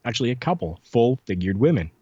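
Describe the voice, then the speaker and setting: A man tells stories at a lively clip and acts out what other people said, his voice jumping up when he quotes them. The sound is dull and lo-fi with a dry, close feel. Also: medium pitch, quick pace, breathy edge, no echo. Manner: animated storyteller, acts out quotes. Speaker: podcast guest telling stories. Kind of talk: casual chat.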